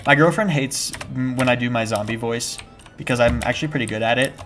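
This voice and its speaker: A young man chatting casually on a live gaming stream, rambling and restarting his sentences, with bursts of shouted panic. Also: medium pitch, brisk. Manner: rambling and self-interrupting, with sudden shouted panic at scares. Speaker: game streamer. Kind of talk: casual live-stream chat while playing. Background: background music.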